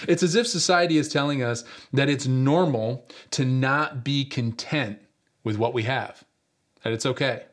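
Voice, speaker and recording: A pastor from upstate New York delivers a sermon in a mid-pitched voice. He talks like he is telling a story to friends, pausing on frequent fillers. He drives his point home by repeating rhetorical questions.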